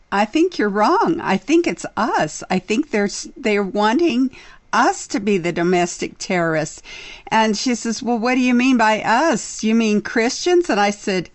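A woman hosts a political talk radio show at a middle pitch. She speaks in an earnest, conversational way, and her voice sounds dry and close to the mic. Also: lively intonation, measured pace, dry recording.

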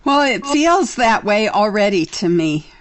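A woman hosts a political talk radio show at a middle pitch. She speaks in an earnest, conversational way, and her voice sounds dry and close to the mic. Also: big pitch swings, a little slow, no echo.

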